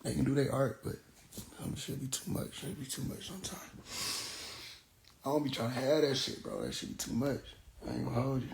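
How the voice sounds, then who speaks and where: A man's voice: medium pitch, brisk, gravelly, heavy background noise. A man doing casual live-stream commentary on songs, loose and profane, laughing often and singing along, talking into a phone. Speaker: livestreamer reacting to songs.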